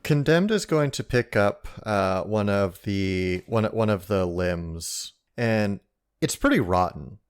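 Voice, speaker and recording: Low voiced guy chatting at a tabletop game, hesitant, lots of ums. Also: lively intonation, takes it slowly, smooth. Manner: casual, hesitant with fillers. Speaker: player. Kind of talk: casual tabletop game chat.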